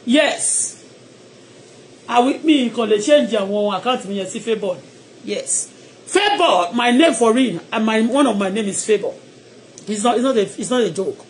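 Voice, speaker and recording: A woman's voice: a little high, lively intonation, normal speed, a little hiss or hum. A Nigerian woman with a Yoruba accent leads a fervent live-stream prayer, chanting and repeating phrases and switching between English and Yoruba. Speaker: online blogger leading prayer.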